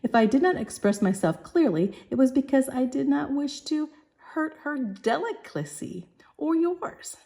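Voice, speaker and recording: A woman's voice: high-pitched, animated, measured pace, warm tone, pitched above the performer's own voice. A woman voicing a pompous, bossy male professor who talks in a brusque, lofty manner.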